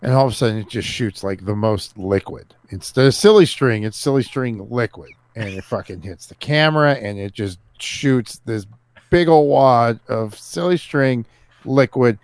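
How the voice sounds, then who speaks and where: A man with an average pitch co-hosts a casual podcast and tells anecdotes in a relaxed way. The recording is dry and close, with no room echo. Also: moderate pace. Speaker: podcast co-host. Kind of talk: casual chat.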